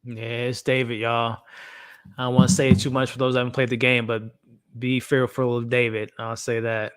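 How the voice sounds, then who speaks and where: This stream host has a mid-range, slightly bright voice with a flat delivery at normal speed, and there's a little background noise. He talks candidly and chattily, reacting live and speaking right to his viewers' chat.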